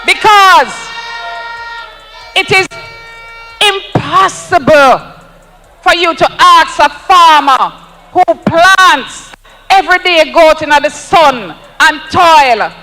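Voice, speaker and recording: A man's voice: very high voice, pushed and bright, big-room sound, rough recording. A Jamaican man giving an emphatic, rousing campaign speech at an outdoor rally, repeating lines for effect. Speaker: political speaker at a rally.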